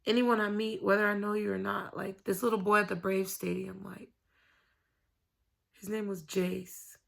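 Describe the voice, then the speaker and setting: A woman's voice: medium pitch, level tone, moderate pace, gravelly. A woman vlogging to camera from home, talking in a candid, rambling way and swearing freely. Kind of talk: casual confessional chat to camera.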